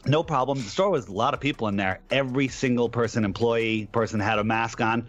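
A man's voice: mid-range voice, fairly quick, a bit bright, highs cut off, faint music behind. A man telling an anecdote on a talk show, acting out the people in his story. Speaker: guest.

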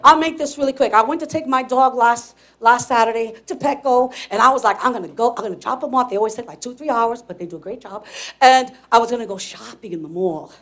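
Woman pastor, high-pitched, animated storyteller, laughing and shouting from the pulpit. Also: a little fast. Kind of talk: sermon with personal storytelling.

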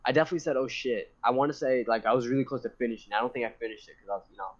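A young man tells a long, winding story in relaxed conversation. He rambles, swears, laughs and gets animated, at a middle pitch. The sound is slightly dull and lo-fi. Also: rapid-fire. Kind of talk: casual storytelling.

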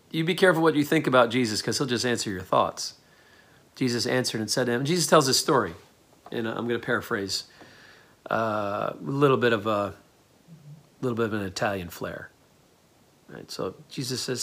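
A man preaching a sermon, telling a scripture story in a lively storytelling way and acting out the people in it. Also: fairly low pitch, moderate pace, breathy edge. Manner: animated storytelling, acts out quoted voices. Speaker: pastor.

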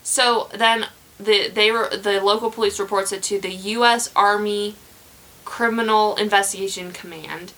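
A woman's voice: mid-range voice, fairly even intonation, moderate pace, a bit bright, low-quality recording. A young woman hosting a podcast, telling a true crime story in casual chat, rambling with many fillers and restarts.

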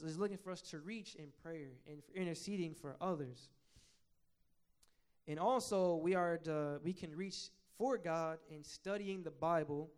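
An impassioned male preacher with a high, smooth, resonant voice. He reads scripture in loud, rising swells, then drops to a quiet, plain tone to explain it to the congregation. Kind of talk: sermon.

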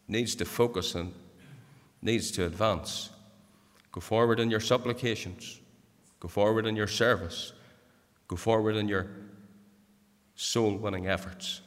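A man delivers a sermon in a church, speaking to the congregation directly. His earnest voice climbs to emphatic peaks and then sinks into hushed pleas. It all rings out with a long reverb off the hall. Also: on the low side. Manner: repeatedly addresses the congregation directly. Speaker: preacher.

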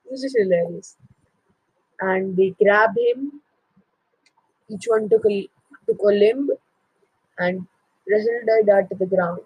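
A man's voice: high voice, takes it slowly, pauses often, husky, no echo, dull audio. A teenage boy casually retelling a myth, with jokey asides and self-corrections. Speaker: storyteller.

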